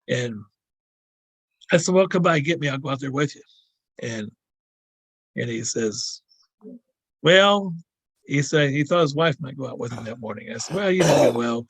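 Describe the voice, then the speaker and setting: A man's voice: mid-range voice, lively intonation, moderate pace, long pauses, slightly rough, dry recording. An older man, a podcast guest, telling a long story in a rambling way, repeating words and acting out the people he quotes. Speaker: guest sharing encounter stories. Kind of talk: casual storytelling.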